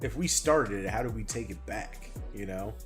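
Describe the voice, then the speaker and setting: A man's voice: lowish voice, normal speed, soft background music. A man from the American South, chatting and arguing with a friend during a gaming stream, telling stories with lots of laughs. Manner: animated, laughing, argumentative storytelling. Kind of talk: casual gaming stream banter.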